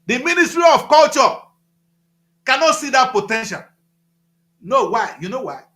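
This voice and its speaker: Nigerian male commentator, bright animated delivery, echoey room, emphatic and heated. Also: extremely high pitch, moderate pace. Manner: emphatic, repetitive, rising to loud outbursts. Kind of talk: impassioned talk-show commentary.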